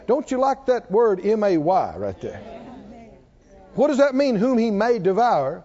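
A male preacher with a very high, animated voice that swoops through his questions to the congregation. He pushes them emphatically and chuckles between points. The recording is dull and lo-fi. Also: unhurried, in a large hall. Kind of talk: sermon with call-and-response.

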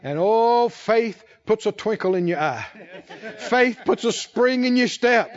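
A man preaching a sermon as pastor, emphatic and repetitive, building key phrases to shouts. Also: very high-pitched, lively intonation, measured pace, highs cut off.

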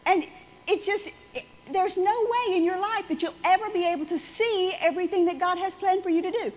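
A woman's voice: very high voice, brisk, highs cut off. A woman preaching a conversational sermon to a congregation, repeating phrases for emphasis. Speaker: church speaker.

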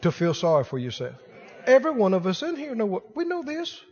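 A man's voice: high-pitched, wildly swooping pitch, a little fast, darkish tone, breathy edge. A man preaching a sermon in a folksy, colloquial way, firing rhetorical questions at his congregation. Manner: colloquial, uses "ain't". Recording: dull lo-fi sermon recording with long hall reverb.

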